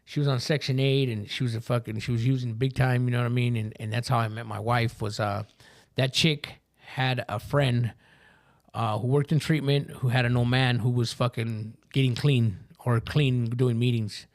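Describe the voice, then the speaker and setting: A man's voice: medium pitch, fairly even intonation, moderate pace. A man who is a podcast guest telling his recovery story with candor. He talks in profane street slang and keeps asking "you know what I mean.".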